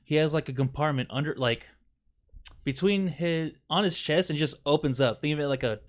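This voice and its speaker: A man's voice: fairly high pitch, a little fast. A man playing in a tabletop game, rambling and searching for words as he explains what his character does. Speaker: player. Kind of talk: casual tabletop game play.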